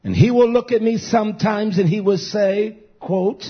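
A man preaching a fiery sermon, blunt and emphatic, moving between shouted lines and low muttering. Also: moderate pace, slightly rough, lo-fi sound, soft background music.

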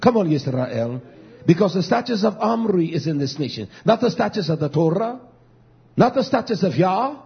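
A man preaching a fiery sermon, swinging from shouting to low murmuring, with repetitive, stumbling restarts. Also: big pitch swings, moderate pace, creaky, slightly rough. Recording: dull lo-fi recording.

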